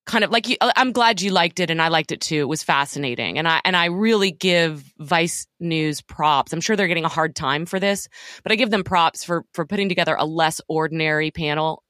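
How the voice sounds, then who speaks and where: A woman's voice: low-pitched, brisk, fairly bright tone, no echo, studio quality. A woman co-hosting a podcast in casual chat, blunt and sardonic, swearing freely. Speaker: podcast co-host.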